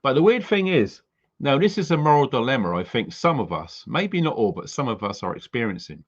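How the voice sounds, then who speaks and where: A man's voice: mid-range voice, sing-song, a little fast. Uk guy ranting on his live stream, swears a lot, earnest, kinda muffled recording. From United Kingdom. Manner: blunt, sweary, heartfelt ranting. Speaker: prepping channel host.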